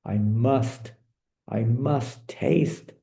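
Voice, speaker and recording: A man voicing a tender divine lord who gently questions his queen, as part of a told story. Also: on the low side, sing-song, normal speed, echoey room. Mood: contemplative.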